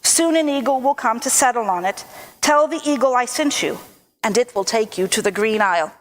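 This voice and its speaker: Lady doing a loud grumpy giant, blustery threats, fast and high-ish. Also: expressive, natural voice. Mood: blustering.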